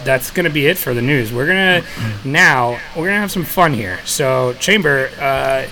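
A man's voice: mid-range voice, lively intonation, moderate pace, sharp tone, low-quality recording. A man hosting a podcast in casual chat, laid-back, with many fillers and frequent laughs. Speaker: podcast host.

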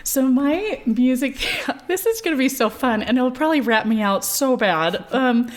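A woman in her thirties, a voice professor, is a guest in a conversational interview, speaking high-pitched with lively intonation at a moderate pace. She's chatty, uses many fillers and laughs easily.

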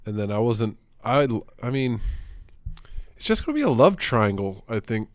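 A man's voice: medium pitch, very animated, moderate pace, no room sound, clean studio sound. A man co-hosting a casual podcast, rambling and cursing, full of jokes. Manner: profane, rambling, jokey. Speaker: podcast co-host. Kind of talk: casual comic book podcast chat.

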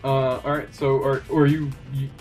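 A man's voice: medium pitch, little pitch movement, moderate pace, darkish tone, faint music behind. A man narrating as game master of a tabletop role-playing game, rambling with many fillers and frequent laughter.

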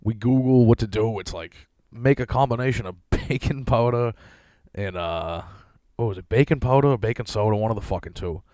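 Medium in pitch, brisk and mellow, this male voice comes through with no echo. A man in his thirties, he hosts a laid-back solo podcast and rambles through a self-mocking story with plenty of swearing and laughter.

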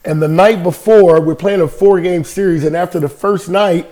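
An older man from California spins an old ballplayer's tale in a loose, chatty interview. His voice sits a touch high for a man, and he keeps it lively with fillers and quick laughs. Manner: animated anecdote telling with frequent laughs and fillers. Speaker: podcast guest, former baseball player. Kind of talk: casual storytelling interview.

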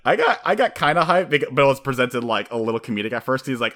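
A man co-hosting a casual chat, excitable and swearing freely, sometimes acting out characters. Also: mid-range voice, fast talker. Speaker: podcast co-host.

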